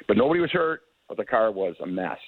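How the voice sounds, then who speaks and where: A man's voice: lowish voice, big pitch swings, fast talker. An older man, a hockey executive, telling long rambling anecdotes as an interview guest, with many restarts and chuckles. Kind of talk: casual storytelling. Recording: tinny phone line, dry.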